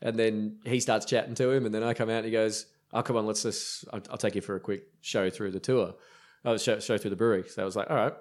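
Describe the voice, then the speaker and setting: A low-pitched man with an Australian accent tells travel stories as a guest on a casual podcast. His anecdotes wander, full of ums, restarts and little asides. He sounds relaxed and chatty. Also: fast talker. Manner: rambling, filler-heavy anecdotes. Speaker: brewer guest.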